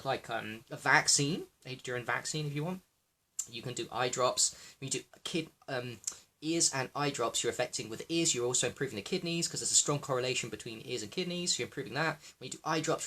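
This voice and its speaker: A man rattles through a rambling livestream monologue at a fast clip. His voice is bright and a little husky, and he swears freely and calls out to viewers by name. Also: mid-range voice. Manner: excitable, profane, talking to viewers by name. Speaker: livestream host.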